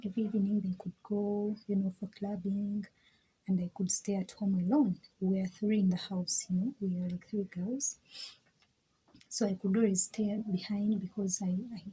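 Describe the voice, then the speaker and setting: A woman's voice: medium pitch, dark tone, husky, rough recording. A young woman vlogger telling a personal story in a chatty way, repeating words, laughing often and sometimes dropping to a whisper. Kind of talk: casual storytelling.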